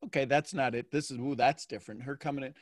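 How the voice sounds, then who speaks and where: A man hosting a coaching call, talking in a playful, animated way and acting out little quotes. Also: medium pitch, fast, no echo, studio quality. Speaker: host and mentor.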